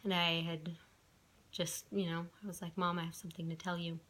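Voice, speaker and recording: Young woman vlogging, chatty storytelling, lots of likes and ums, lowish voice. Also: flat delivery, a little fast, fairly bright tone. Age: young adult. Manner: chatty, frequent fillers and restarts. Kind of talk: casual storytelling to camera.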